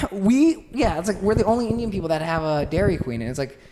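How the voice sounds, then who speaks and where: A man's voice: high voice, animated, brisk, a crowd in the background. A young adult man from the United States hosting a podcast, chatting casually and laughing easily, with a lot of filler words. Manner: laughs easily, lots of fillers like "like" and "you know". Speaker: podcast host. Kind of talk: casual chat.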